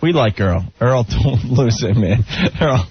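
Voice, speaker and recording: A man's voice: medium pitch, lively intonation, measured pace, husky, no echo. A man hosting a radio talk show, teasing and joking in casual banter. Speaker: radio host. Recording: dull lo-fi radio broadcast.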